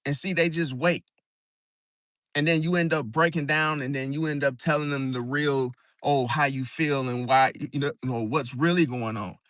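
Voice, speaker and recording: A man speaks straight to his audience in a casual, slangy monologue, pressing his points with repeated "see?" and "bro." He often stumbles and restarts mid-phrase as he explains. His voice sits in a middling pitch and is recorded dry, with no room echo. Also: steady tone, moderate pace, a bit bright. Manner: emphatic, slangy, keeps asking "see?" and saying "bro". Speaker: astrology video host.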